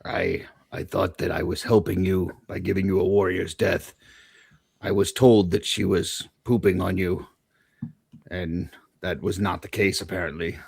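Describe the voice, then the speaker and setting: A man's voice: deep voice, steady tone, a little slow, gravelly, darkish tone, husky, dry recording, pitched below the performer's own voice, heavily acted. A man voicing a huge, blunt barbarian warrior who speaks in an earnest, matter-of-fact way. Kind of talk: tabletop role-play voice.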